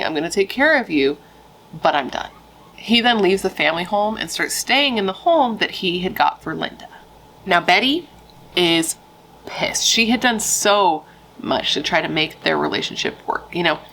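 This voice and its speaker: A woman's voice: low voice, fairly bright tone, slight background noise, poor audio. A woman telling a true crime story in a casual, frank, chatty way, swearing freely and using lots of fillers.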